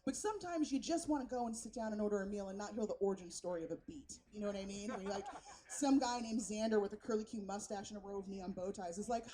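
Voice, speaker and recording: A woman from San Francisco doing a brash, profane stand-up set on an outdoor festival stage, telling stories in an animated way. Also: mid-range voice, quick pace. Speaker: stand-up comedian.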